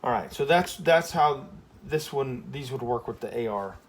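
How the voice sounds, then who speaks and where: A man's voice: medium pitch, lively intonation, normal speed. A man teaching a Spanish grammar lesson in a casual classroom style, often checking in with "okay?" and correcting himself as he goes.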